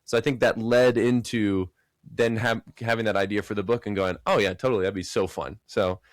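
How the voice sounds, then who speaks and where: Guy cohosting a podcast, chatty and animated, does voices for quotes, dry close sound. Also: fairly low pitch, brisk, no echo. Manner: animated storyteller, acts out quotes in raised voices. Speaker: podcast co-host. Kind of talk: casual podcast chat.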